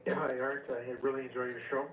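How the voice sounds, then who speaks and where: A male caller from Canada, telling his story hesitantly and filling pauses with many ums and uhs. His pitch stays flat and even. The line sounds echoey and distant. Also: a little hiss or hum. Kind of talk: phone-in storytelling. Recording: echoey, distant radio call.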